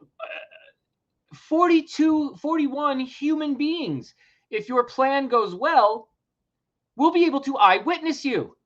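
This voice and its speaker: A man's voice: very high voice, animated, slow pace, pauses often, fairly bright tone, dull audio. A man hosting a podcast, ranting emphatically and swearing freely. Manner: heated, emphatic, swears freely, laughs in disbelief. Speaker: podcast host. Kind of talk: opinionated podcast rant.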